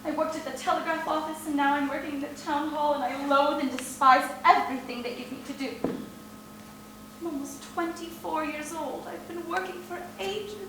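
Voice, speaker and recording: A woman's voice: high-pitched, steady tone, normal speed, fairly bright tone, slight background noise. A young actress in her twenties playing a despairing, overwrought young woman in a live stage play, heard from afar. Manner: emotional, pleading, breaking into outbursts. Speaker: stage actor. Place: theatre stage. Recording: roomy stage sound from far off.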